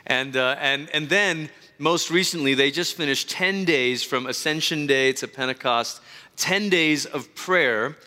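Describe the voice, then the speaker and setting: Bright-voiced man introducing a guest. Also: on the high side, a little slow, in a large hall. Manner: warm enthusiastic praise, frequent fillers and restarts. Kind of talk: church service introduction. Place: church service.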